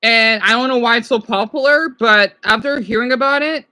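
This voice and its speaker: A woman streamer reacting to videos in casual, rambling chat, excitable and talking back to her viewers. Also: fairly high pitch, moderate pace, dry recording.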